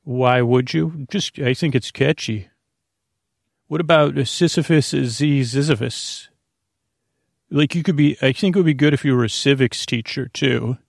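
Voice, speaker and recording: A man's voice: mid-range voice, measured pace, gravelly, no echo, studio quality. A man hosting a podcast, rambling through a meandering bedtime monologue full of filler words and restarts, joking with an imaginary listener. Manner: silly, speaking to an imaginary listener. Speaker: podcast host.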